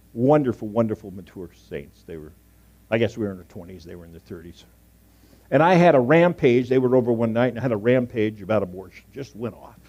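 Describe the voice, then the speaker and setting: Storytelling pastor with dramatic hushed asides. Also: male voice, mid-range voice, dull audio. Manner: storytelling, swings from loud emphasis to hushed asides. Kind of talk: sermon. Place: church sanctuary.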